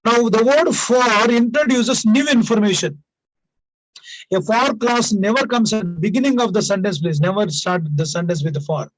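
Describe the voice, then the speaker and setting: A man with a high-pitched voice teaches an English grammar lesson. He explains each rule through example sentences and repeats the key points for emphasis. His speech is sprinkled with "now" and "please," and it is recorded dry and close, with no room sound. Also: normal speed, no echo, poor audio.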